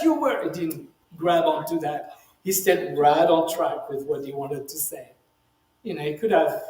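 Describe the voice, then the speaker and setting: Emphatic rabbi, slightly high, roomy echo. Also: male voice, dark tone. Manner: emphatic, reads quoted speech in a raised voice, many "you know" asides. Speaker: rabbi teaching the weekly Torah portion. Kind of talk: conversational Bible teaching.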